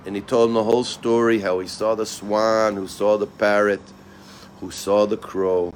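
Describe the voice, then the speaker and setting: A man telling a fable in a loose, relaxed way, repeating words as he goes. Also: lowish voice, normal speed, a little hiss or hum. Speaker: storyteller. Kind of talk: casual spoken fable.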